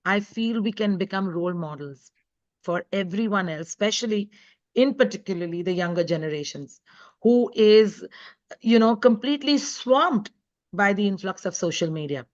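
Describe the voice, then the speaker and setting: A woman's voice: mid-range voice, lively intonation, moderate pace. A woman author speaking as a guest in a live online talk, earnest and emphatic. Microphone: video call. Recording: dull lo-fi web call audio.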